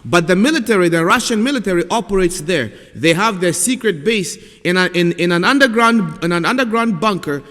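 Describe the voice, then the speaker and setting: A man recounting a prophetic vision in a halting, repetitive, earnest way. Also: high-pitched, animated, a bit bright, long reverb tail. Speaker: self-styled prophet.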